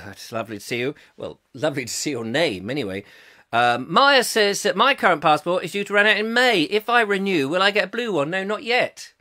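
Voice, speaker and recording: A man's voice: sits high, big pitch swings, fast talker, bright, forceful tone. A man in his fifties hosting a live comic chat show, rambling through viewer comments with jokey, self-mocking asides. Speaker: host.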